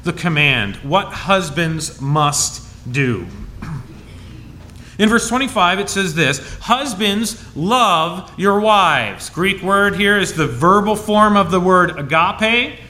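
Bright-voiced pastor preaching a sermon. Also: male voice, animated, slow. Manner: conversational preaching with emphatic scripture reading, dropping to soft low asides.

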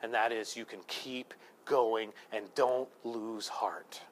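A man in his thirties, a pastor preaching a sermon with lively storytelling and self-deprecating humor, swinging between loud emphasis and hushed asides. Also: on the low side, slow pace, slight background noise.

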